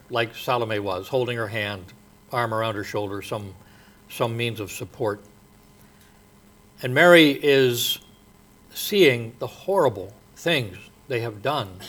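A man preaching a sermon in a slow, halting way, with many pauses and fillers, his voice dropping soft at the ends of phrases. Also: medium pitch.

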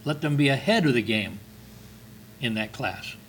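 A man's voice: mid-range voice, expressive, moderate pace, slight background noise, rough recording. An older man preaching a sermon, reading scripture with earnest, emphatic stresses.

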